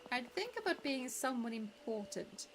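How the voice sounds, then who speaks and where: A woman reading the lines of a shy, earnest young male hobbit in a video game, speaking softly and modestly. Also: a little high, animated, moderate pace, slight background noise, natural voice. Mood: bashful.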